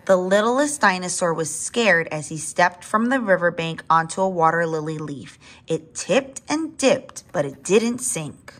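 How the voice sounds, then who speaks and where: A woman reading a children's picture book aloud, expressive, with asides to young listeners. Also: on the low side, a little slow, hardly any pauses. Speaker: reader. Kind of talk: children's story read-aloud.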